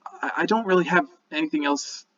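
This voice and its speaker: Man voicing a small goblin blacksmith, fairly high and shy, stammers constantly, lo-fi mic. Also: fairly quick, fairly bright tone, far from the mic, lightly acted. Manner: nervous, stammering and apologetic. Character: timid three-foot male goblin blacksmith.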